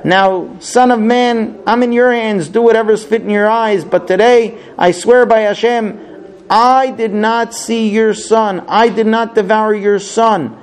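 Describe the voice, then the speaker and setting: A man's voice: sits high, steady tone, a little slow, clean tone. A man voicing a grieving male wolf who pleads and swears solemn oaths in a storybook retelling. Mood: pleading, solemn.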